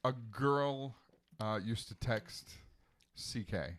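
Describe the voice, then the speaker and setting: A man guest on a comedy podcast, telling a rambling story that trails off into quieter asides. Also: medium pitch, takes it slowly, no room sound. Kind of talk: casual comedy chat.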